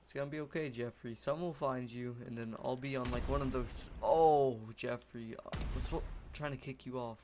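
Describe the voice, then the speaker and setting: A man's voice: mid-range voice, steady tone, fairly quick, few pauses, slight background noise. A young man giving goofy, rambling commentary while playing a game, yelping and laughing as he goes. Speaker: gameplay commentator. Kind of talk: casual gameplay commentary.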